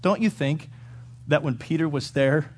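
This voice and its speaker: Animated preacher, a man with a raised voice. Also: unhurried. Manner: animated, asks the congregation rhetorical questions; swings between loud emphasis and quiet low remarks. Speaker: pastor. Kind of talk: sermon.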